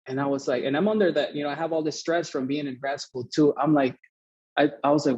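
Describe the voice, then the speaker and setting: Telling a story as a podcast guest, a young Mexican man speaks quickly in a husky mid-range voice, swearing and acting out both people in the exchange with lots of energy. The audio is dull.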